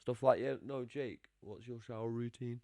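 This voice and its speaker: A man's voice: medium pitch, fairly even intonation, normal speed, gravelly, a little mellow, no echo. A man co-hosting a podcast, firing off short teasing quips. His voice is dry and close, with no room sound around it. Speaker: podcast co-host. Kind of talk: casual podcast banter.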